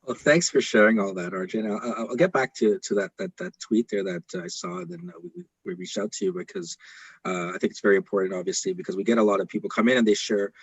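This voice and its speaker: A man hosting an interview and teaching law, talking casually in a halting way with repeated words. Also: lowish voice, big pitch swings, creaky, breathy edge, no echo, lo-fi sound. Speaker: host, law professor.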